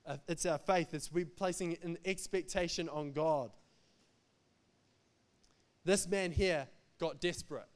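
Male pastor, emphatic sermon delivery, higher voice. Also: a little slow, long pauses. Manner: emphatic, repetitive, jokes between points.

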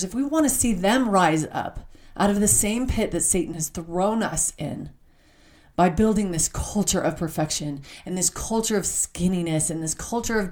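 A woman giving a heartfelt devotional talk, reading scripture aloud and speaking with open emotion. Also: lowish voice. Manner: reads scripture aloud slowly.

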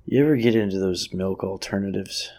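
A man's voice: deep voice, a little fast, creaky, darkish tone. A man co-hosting a casual podcast, rambling through stories with many likes and restarts. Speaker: podcast co-host. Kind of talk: casual chat.

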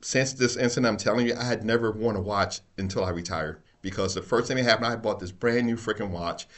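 A middle-aged retired police officer telling animated stories in casual chat, swearing and laughing often. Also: male voice, lowish voice, quick pace. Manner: animated storyteller, swears freely, laughs a lot.

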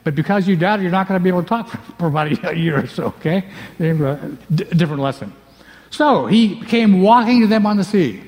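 A man preaching a sermon, animated, acting out the scenes and swinging between loud bursts and hushed asides. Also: sits high, a little fast. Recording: long reverb of a large hall.

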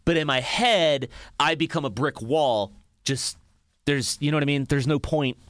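Young male podcast host, lively swooping delivery, profane mock rant, dry close sound. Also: medium pitch, unhurried, no room sound. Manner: animated, profane, mock-ranting. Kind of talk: casual comedic monologue.

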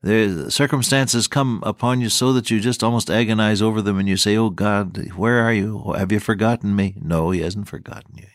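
A man's voice: on the low side, fairly even intonation, moderate pace, few pauses, no room sound, studio quality. A man preaching a sermon in an earnest, fervent old-style manner, quoting scripture as he speaks. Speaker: radio preacher.

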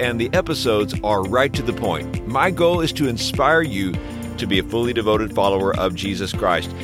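A man hosting a short daily devotional podcast, teaching in an earnest way with many rhetorical questions. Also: mid-range voice. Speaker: podcast host.

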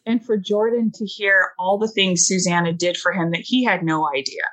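A woman's voice: mid-range voice, steady tone, moderate pace, a bit bright, low-quality recording. A woman in her forties, a podcast guest, telling a heartfelt family story with lots of fillers and quoted dialogue. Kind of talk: emotional storytelling in a podcast chat.

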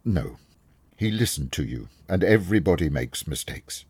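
A man reading a story aloud, voicing a calm, clever male detective who explains things step by step and is kindly but firm. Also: sits low, moderate pace, breathy edge, dry recording, full character voice. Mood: explaining. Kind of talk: audiobook reading.

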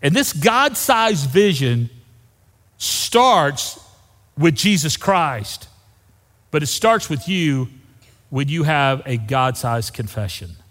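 Emphatic pastor preaching in an echoing hall. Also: male voice, sing-song, slow. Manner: emphatic preaching, dropping to hushed lows for key phrases. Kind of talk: sermon. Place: church sanctuary. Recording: long reverb of a church hall.

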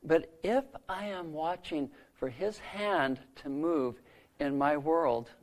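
A man preaching a sermon who retells scripture stories, lifting his voice for quoted lines and dropping soft and low to land a point. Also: slow pace. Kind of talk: sermon storytelling.

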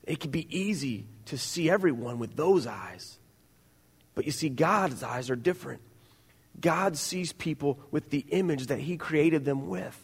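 A middle-aged man preaching a sermon as pastor, earnest and growing animated, with stumbling restarts. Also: fairly high pitch, measured pace, slightly rough, in a large hall.

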